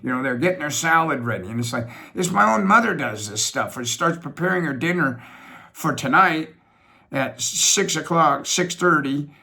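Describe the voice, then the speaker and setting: Middle-aged American man, slightly high voice, rambling and emphatic monologue, repeats himself, drags out key phrases. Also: expressive, vocal fry, sharp tone. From United States. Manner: rambling, repetitive, emphatic with sudden slowdowns. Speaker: business funding host. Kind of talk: reflective monologue. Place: home office.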